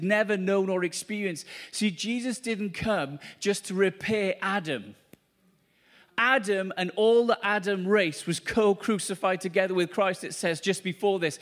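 A man preaching a charismatic sermon at a church meeting, fervent and repetitive, exclaiming to the congregation. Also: sits high.

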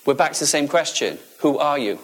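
Guy preaching, high voice, keeps throwing questions at the crowd and repeating himself. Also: expressive, a little fast. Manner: emphatic, repeats key phrases, asks the audience questions. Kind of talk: sermon.

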